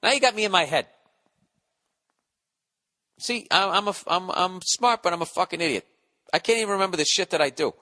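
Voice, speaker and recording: A middle-aged man hosts a solo podcast and rambles through profane, sarcastic rants. His voice runs fairly high and comes across bright and forceful. He reads listener mail aloud and pokes fun at himself as he goes. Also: fairly quick, long pauses. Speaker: podcast host.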